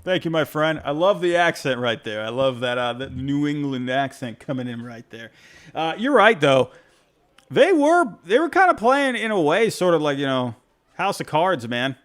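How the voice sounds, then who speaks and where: A man with a fairly high speaking voice hosts a casual postgame sports show and plays fan voicemails. He rambles, restarts his sentences and jumps around in pitch. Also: moderate pace. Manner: rambling, self-interrupting, animated. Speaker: podcast host taking fan calls.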